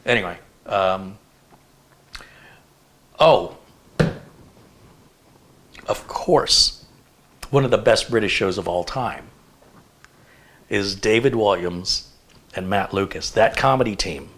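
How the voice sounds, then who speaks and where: A man in his fifties hosting a casual live chat, telling stories in an animated, rambling way with lots of fillers. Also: on the low side, slow, pauses often. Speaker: host.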